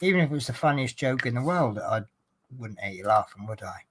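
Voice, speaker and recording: A man's voice: mid-range voice, lively intonation, fairly quick, noisy background. A man chatting casually while doing a craft hobby at home, joking at his own expense and asking viewers questions. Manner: chatty, self-deprecating joker. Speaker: vlogger, coach driver. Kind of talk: relaxed craft vlog chat.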